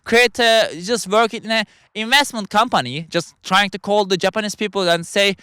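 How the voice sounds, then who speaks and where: A high, bright-voiced man talks through a philosophical monologue in halting, second-language English. He keeps starting over and reaching for words, and his tone stays smooth and clear. The sound is close and dry, with no room around it. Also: no room sound. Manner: halting, rambling, frequent restarts. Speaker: podcast host.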